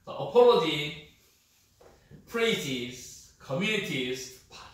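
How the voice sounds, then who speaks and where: Halting lecturer in an echoey room. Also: male voice, fairly high pitch, expressive. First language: Korean. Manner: halting, repeats words, often checks with "okay?". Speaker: university lecturer. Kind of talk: classroom lecture on English usage. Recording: echoey room, mic far off, faint noise.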